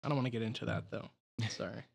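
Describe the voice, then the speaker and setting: A man in a casual movie-review chat, cracking dry deadpan jokes. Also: fairly low pitch, quick pace, creaky, a little hiss or hum.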